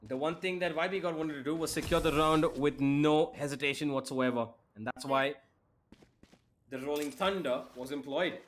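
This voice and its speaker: A man calls a live esports match in brisk, steady play-by-play. His voice sits fairly high. A faint noise runs under it. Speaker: esports caster.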